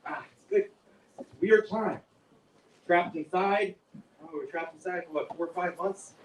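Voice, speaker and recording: A man's voice: sits high, moderate pace, reverberant, far from the mic, slight background noise, low-quality recording. A man as the headlining comedian, doing wry, conversational stand-up with the crowd.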